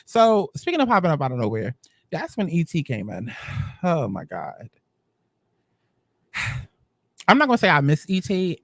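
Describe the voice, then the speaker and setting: A high-pitched man delivers a sassy, dramatic reality-show recap, mocking the cast as he goes. His voice is close and dry with no room sound. The delivery is casual and gossipy. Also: fairly bright tone, no room sound.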